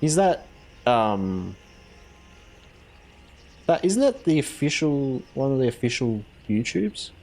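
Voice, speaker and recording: A man's voice: medium pitch, big pitch swings, slow pace, long pauses, darkish tone. Casual male streamer, mid-range voice, rambly and loose, faint game music underneath. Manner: rambling, filler-heavy, self-correcting. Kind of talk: casual live-stream chat while playing.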